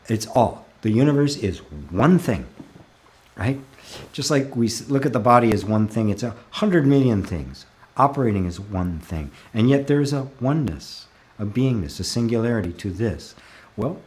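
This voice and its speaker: A man leading a live spiritual Q&A, reading out viewer comments and answering in a calm, reflective way, slowing down to stress key words and laughing softly now and then. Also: medium pitch. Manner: calm, reflective, often slows to stress a word. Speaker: spiritual teacher.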